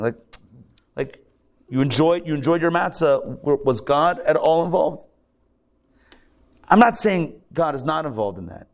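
A man who is a rabbi, giving a lively live sermon to a congregation, joking and acting out mock quotes in between his points. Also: a little high, measured pace, pauses often. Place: synagogue hall.

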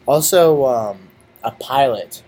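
A young man co-hosting a casual chat, telling stories in a profane, animated way and acting out quotes. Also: mid-range voice, slow. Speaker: podcast co-host.

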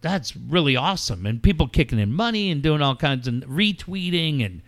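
A man's voice: fairly high pitch, very animated, moderate pace. A middle-aged man hosting a radio show, telling a story casually and acting out phone calls in quoted voices.

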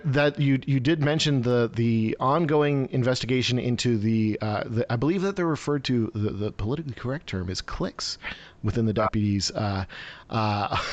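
A man's voice: medium pitch, dull audio. Rambling sarcastic male stream host. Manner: rambling, sarcastic, many fillers and restarts. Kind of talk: casual news commentary. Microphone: video call.

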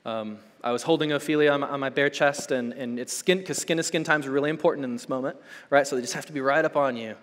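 A young adult male pastor preaching a sermon, swinging between loud urgent build-ups and hushed soft passages, checking in with "okay?" and "right?". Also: medium pitch, fast, in a large hall. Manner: conversational, with frequent "okay?" and "right?" check-ins.

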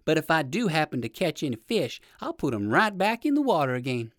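A man voicing a kindly old gentleman rabbit in a storybook reading, with high, excited exclamations. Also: brisk, no echo, clean studio sound. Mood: cheerful.

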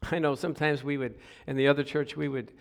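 A middle-aged man delivers a sermon in a lively storytelling manner. He drops to quiet asides, then bursts into loud exclamations and calls out to the congregation for an answer. His voice sits a little higher than most men's. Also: fast, creaky. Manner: animated storytelling, swings from hushed to loud exclamations; asks the congregation for responses. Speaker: pastor.

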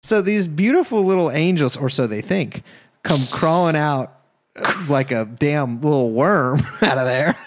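A man's voice: on the high side, lively intonation, unhurried, a little hiss or hum. Crude, joking male podcast co-host. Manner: crude, joking, swears a lot. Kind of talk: casual podcast chat.

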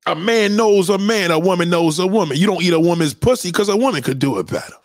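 High-voiced man ranting heatedly. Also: lively intonation, quick pace, dry recording, clean studio sound. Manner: blunt, heated, repetitive, swearing. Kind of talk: profane ranting monologue to followers.

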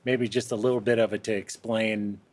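A man hosting a casual interview, halting and searching for words as he asks questions. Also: on the low side, level tone, darkish tone.

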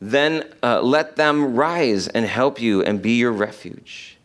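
Emphatic male preacher reading scripture. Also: mid-range voice. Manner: emphatic, slows down to stress quoted verses. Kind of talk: sermon, reading and explaining scripture.

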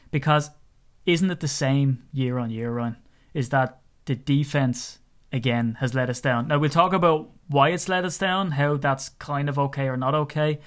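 A young Irish man co-hosts a sports podcast, laughing often and telling rambling stories in casual conversation. His voice is medium-pitched and a bit bright.

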